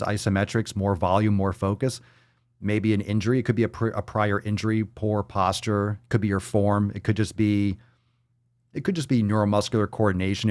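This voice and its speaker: Brash, profane fitness show host. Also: male voice, low-pitched, a little mellow, no echo, studio quality. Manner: brash, profane, hype-man energy. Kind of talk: live-stream show, reading comments.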